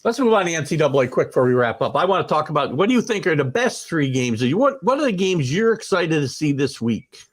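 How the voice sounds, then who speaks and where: A man's voice: a little high, very animated, quick pace, few pauses. A man hosting a casual sports talk show, opinionated and rambling, with lots of fillers and restarts.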